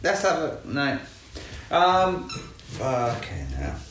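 A man's voice: medium pitch, wildly swooping pitch, extremely slow, a bit bright. A man baby-talking to a puppy in a playful, coaxing voice. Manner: playful, coaxing, sing-song. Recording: echoey room from far off, faint noise.

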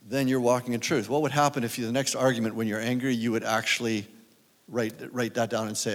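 A man's voice: medium pitch, level tone, fairly quick, in a large hall. A man preaching a sermon as guest speaker, talking conversationally and asking his listeners questions. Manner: conversational, asks the audience questions.

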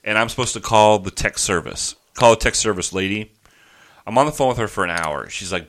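Bright-voiced man ranting a story. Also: lowish voice, moderate pace. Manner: animated ranting with profanity, quoting people in his voice. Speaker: podcast host telling a story. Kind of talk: casual storytelling chat.

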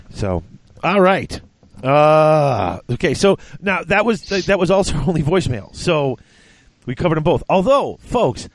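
A man's voice: mid-range voice, no echo. A man hosting a hobby gaming podcast, joking and teasing his co-host in casual chat.

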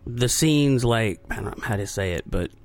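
A man on a casual movie review podcast, speaking in a measured way and searching for his words. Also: mid-range voice, animated, no echo. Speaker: podcast co-host.

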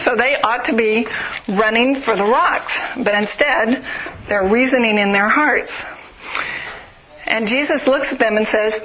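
A woman preaching a sermon, earnest and building through rhythmic repeated phrases. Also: a little high. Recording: tinny phone-like radio broadcast.

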